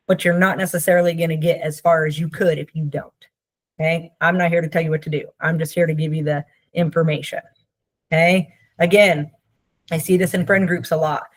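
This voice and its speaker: A woman therapist with a fairly low voice teaches in a relaxed, chatty way. She keeps checking in with her listeners and slips into playful little impressions of the people she describes. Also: a little fast, no echo. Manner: conversational, checks in with frequent "Okay?"; acts out quoted voices playfully. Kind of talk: casual teaching talk.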